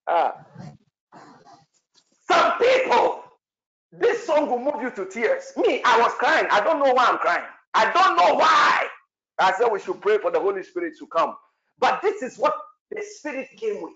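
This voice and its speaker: A man's voice: sits high, big pitch swings, normal speed, sharp tone. A man preaching with passion, exclaiming and praying in tongues. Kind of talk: sermon with prayer. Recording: echoey, dull lo-fi room sound.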